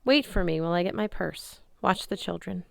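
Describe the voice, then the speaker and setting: A woman's voice: fairly low pitch, brisk, creaky, clean tone, no room sound, clean studio sound. A woman putting on a tender Italian mother. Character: gentle Italian mother, woman in her thirties.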